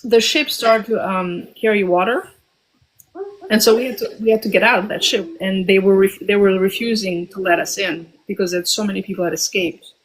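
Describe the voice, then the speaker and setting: A woman in her forties from Albania, telling a personal story as a guest, reflective and often pausing with ums and restarts. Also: mid-range voice, steady tone, low-quality recording.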